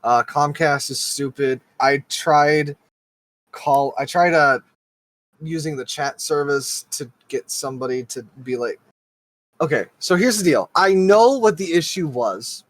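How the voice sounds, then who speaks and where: A man co-hosting a casual podcast, telling a story in an animated, exasperated way and swearing freely. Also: on the high side, a little slow. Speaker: podcast co-host. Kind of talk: casual chat.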